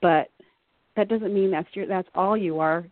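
A woman's voice: mid-range voice, a little slow, no echo. A woman as an interview guest, talking in an earnest, reflective, rambling way. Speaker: guest artist. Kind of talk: casual interview chat. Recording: dry tinny phone line.

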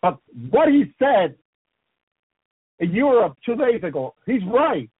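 A man preaching fervently on a radio broadcast, circling back to his points and murmuring praises to the Lord between them. His voice sits high and sounds husky. The recording is dry and thin, like a phone line. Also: big pitch swings, slow pace, dry recording. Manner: fervent, repetitive, frequent "praise you, Lord" asides. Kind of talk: end-times radio preaching.

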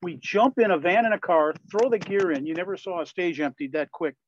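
An older man from Wisconsin, a Christian musician and pastor, telling candid, lively stories as a guest in an interview. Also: sits high, fairly quick, a little hiss or hum. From Wisconsin, USA. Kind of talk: storytelling in a conversational interview. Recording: slightly dull, lo-fi sound.

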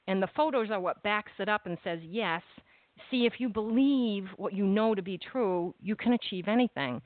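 A woman interviewer speaking in a measured, earnest way as she gives careful praise. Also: medium pitch, no room sound. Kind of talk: interview, reading a poem aloud. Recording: tinny phone-like line, dry.

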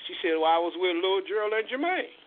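A man's voice: high-pitched, lively intonation, fast. A man, hosting a radio show and telling a heated, profane story in casual chat. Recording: tinny phone-like radio audio.

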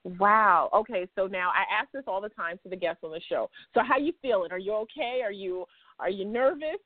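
A woman with a New York accent hosting a casual interview, playful and teasing, telling stories with lively asides. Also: medium pitch, fairly quick, dry recording. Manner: playful, teasing, animated storyteller. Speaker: podcast host. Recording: dry, phone-like line.

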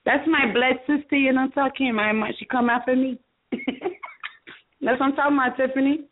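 A woman's voice: high-pitched, fairly even intonation, brisk. A woman author on a radio interview, talking in an effusive, exclamatory way. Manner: effusive, exclamatory, laughs often. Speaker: guest author. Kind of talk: lively radio interview chat. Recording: phone-quality sound with faint hiss.

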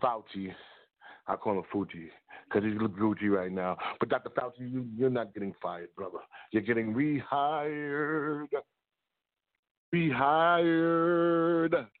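A man in New York talking excitedly to the camera, giving repeated shout-outs, close to the mic. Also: lowish voice, normal speed, phone-quality sound. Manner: hyped, repetitive shout-outs. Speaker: video blogger. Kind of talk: excited casual monologue.

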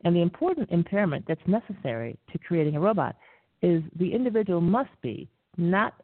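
A woman hosting a talk radio show, lecturing in a measured way with frequent pauses and fillers. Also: lowish voice, sing-song, no room sound. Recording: tinny dry phone-line audio.

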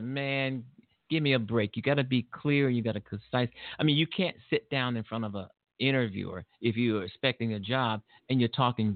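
A man's voice: mid-range voice, no echo. A middle-aged man hosting a casual talk show, rambling and repeating himself as he talks about his son. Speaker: show host. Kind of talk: casual monologue. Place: home studio. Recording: tinny phone-like line.

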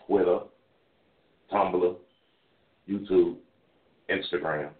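A man's voice: low-pitched, sing-song, slow, pauses often. A man in his thirties hosting a radio show, talking in a loose, rambling, candid way with some swearing while he drives. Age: 30s. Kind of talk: casual call-in radio monologue. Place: in a car while driving. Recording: tinny phone line, echoey.

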